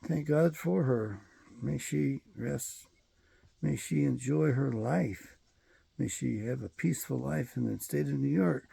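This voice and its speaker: A man's voice: medium pitch, unhurried, creaky, warm tone, husky, no echo. A man hosting his own show, delivering a rambling, profane and emphatic solo commentary monologue. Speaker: show host.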